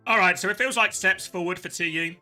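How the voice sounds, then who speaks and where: A man's voice: high voice, fairly quick, bright, forceful tone, soft background music. A man hosting a live esports co-stream, chatting casually, laughing often and answering viewer questions. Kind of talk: casual live commentary chat.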